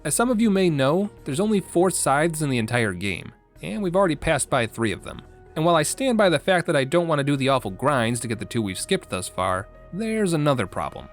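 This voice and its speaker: Brief: young male gaming host, lively sarcastic delivery, faint music behind. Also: a little high, brisk. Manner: sarcastic, playful, jokey. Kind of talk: scripted comedic gameplay narration.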